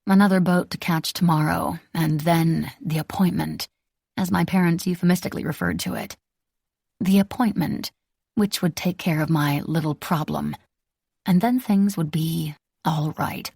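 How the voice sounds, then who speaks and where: A woman narrating a novel in the first person with a wry, measured delivery. Her voice is lowish and gravelly with a husky grain, recorded dry and close. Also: a little mellow, no echo. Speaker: audiobook narrator.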